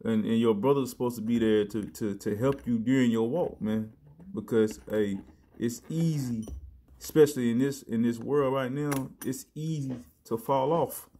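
A man preaching in a relaxed, conversational way, his voice sitting at an ordinary middle pitch. He restarts his phrases, leans on "man" and "you know", and slows down to stress each word when he reads scripture. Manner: reads verses slowly with emphasis. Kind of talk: casual sermon with scripture reading.

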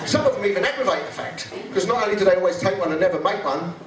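A man doing a stand-up comedy routine, blunt and sweary, acting out office characters in quick voices. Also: high-pitched, lively intonation. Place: live venue with audience laughter. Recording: echoey live room, mic picked up from a distance, crowd audible.

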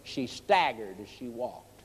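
A man's voice: mid-range voice, big pitch swings, takes it slowly, breathy edge. A man preaching an evangelistic sermon, telling a story earnestly and emphatically, then leading a prayer before an audience. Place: church hall with audience. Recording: long reverb of a large hall.

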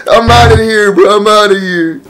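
A young man with a noticeably high-pitched voice trades brash, profane banter with strangers over a video chat. He talks in loose street slang and laughs often as he roasts people. A faint hiss of noise sits under his voice. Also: steady tone, moderate pace, a bit bright, low-quality recording. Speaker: streamer on a random video chat app.

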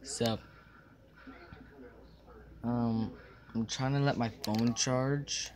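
A man's voice: medium pitch, fairly even intonation, very slow, a crowd in the background. A young man vlogging casually from a small room at home, rambling with lots of fillers and restarts, forgetting what he meant to say.

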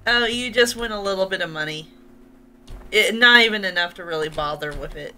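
A woman's voice: mid-range voice, fairly quick, sharp tone, soft background music. A woman guiding a first-time player through a game, giving plain advice. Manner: matter-of-fact, giving advice. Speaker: guide for the player. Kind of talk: casual gameplay chat.

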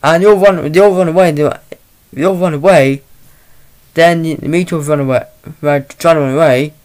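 A man giving a casual movie review, retelling the plot in a halting, rambling way into a laptop mic. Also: on the high side, steady tone, a little mellow, clean tone.

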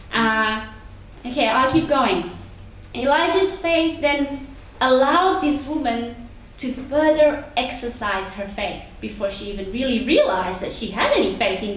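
A woman preacher giving a sermon in a church meeting room, talking in an animated, conversational way with asides. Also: on the high side. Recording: echoey hall from far off.

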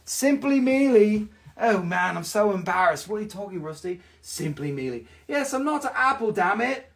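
A man hosts a live rock sale, joking and cursing as he chats. His voice sits high for a man and has a gravelly fry under it. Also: expressive, fairly quick, a bit bright. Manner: joking, profane, talks to himself. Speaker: host selling rocks on a live stream. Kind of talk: live-stream sales chat.

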